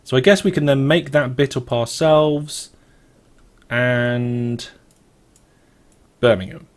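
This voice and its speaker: A man's voice: medium pitch, slow pace. A British man hosting a let's play, giving casual gameplay commentary as he thinks aloud in a wandering, chatty way.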